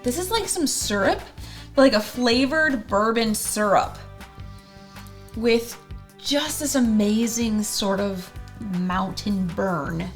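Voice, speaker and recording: Lively high-voiced woman tasting whiskey. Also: takes it slowly, faint music behind. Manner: playful, giggly, full of tasting notes. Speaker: whiskey channel co-host. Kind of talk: casual whiskey tasting chat.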